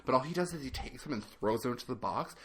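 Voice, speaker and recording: A man's voice: medium pitch, lively intonation, fast, a bit bright, husky. A man co-hosting a podcast, making dry, matter-of-fact remarks in casual chat. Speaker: podcast co-host.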